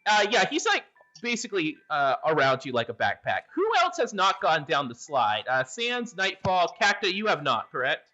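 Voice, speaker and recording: A man's voice: a little high, wildly swooping pitch, normal speed, hardly any pauses, pushed and bright, faint music behind. A man running a tabletop game as game master, narrating with lots of hesitant fillers. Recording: dull lo-fi audio.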